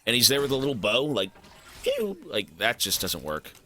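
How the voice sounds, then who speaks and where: A male streamer rants in casual chat, opinionated and quick to swear. His voice has a very bright, cutting edge and swoops widely in pitch. The mood is loose and conversational. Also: slight background noise. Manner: animated, opinionated rambling with frequent swearing. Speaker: game streamer. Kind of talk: casual chat while gaming.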